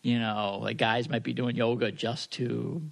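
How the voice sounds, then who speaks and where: A man's voice: mid-range voice, flat delivery, measured pace, creaky. A man co-hosting a podcast in casual chat, reading listener posts aloud and joking at his own expense. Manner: joking, self-deprecating. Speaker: podcast co-host.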